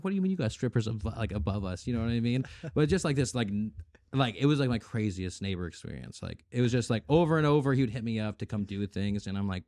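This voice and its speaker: A man's voice: lowish voice, expressive, fast, darkish tone, dry recording, clean studio sound. A young man on a podcast telling a long story in casual chat, acting out the voices of the people in it, swearing and laughing often. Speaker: podcast guest.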